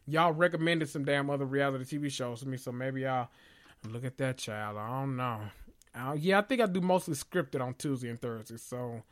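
A man from the South, hosting a podcast in casual, opinionated chat with dramatic swings in pitch. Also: a little fast. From Southern United States. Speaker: podcast host.

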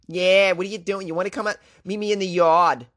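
A man's voice: high-pitched, fairly even intonation, brisk, a bit bright, voice pushed up. A man voicing a brash, blunt Long Island man with a thick Long Island accent.

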